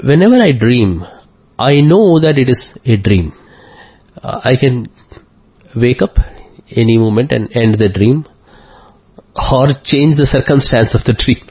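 A husky-voiced man from India recounts a personal story in an earnest, heartfelt way, lingering slowly over key moments. His voice sits in an ordinary middle pitch. The recording is dull and lo-fi. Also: lively intonation, a little mellow. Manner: earnest, heartfelt, often slow and deliberate. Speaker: interviewee.

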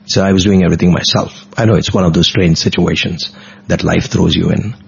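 A man's voice: low voice, steady tone, a little fast, gravelly, breathy edge. A middle-aged man, earnestly recounting a devotional personal story in vivid detail in an interview. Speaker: guest. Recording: dull lo-fi recording.

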